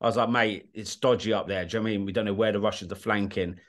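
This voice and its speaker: A British man, a guest on an interview podcast, telling war stories in a blunt, animated way, swearing freely and often checking that the listener follows. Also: fairly low pitch, very fast. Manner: animated, blunt, swears, often asks "do you know what I mean". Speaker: guest, war documentary filmmaker. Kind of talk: casual interview storytelling.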